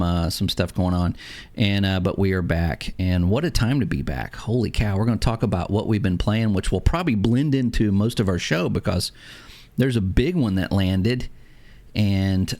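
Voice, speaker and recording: A man's voice: lowish voice, expressive, normal speed, darkish tone. A middle-aged man hosting a casual gaming podcast, chatty and upbeat, rambling loosely from one thought to the next. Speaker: podcast host.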